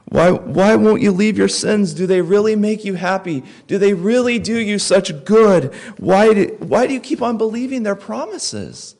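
Gravelly man preaching with pleading emphasis. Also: high voice, animated, moderate pace, hardly any pauses. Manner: pleading, emphatic preaching with wide swings in loudness. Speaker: pastor. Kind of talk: sermon.

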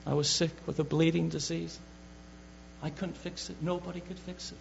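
A man's voice: on the high side, little pitch movement, moderate pace, creaky. A man preaching, voicing a desperate, determined sick woman in an earnest, pleading way, on a dull recording with hum.

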